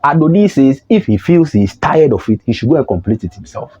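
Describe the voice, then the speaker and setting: A man with a Ghanaian accent giving opinionated political commentary as a vlogger, talking in an animated, mocking way and often restarting his sentences. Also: mid-range voice, brisk, breathy edge. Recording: dull lo-fi recording.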